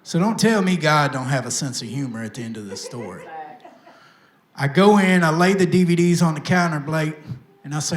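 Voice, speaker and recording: A man, a recovery pastor telling his life testimony to a live audience with lively, self-mocking storytelling. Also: a little high, fairly quick, slight background noise. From Tennessee, USA. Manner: lively storytelling with self-mocking humor, addresses the crowd directly. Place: event stage with live audience. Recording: echoey room sound.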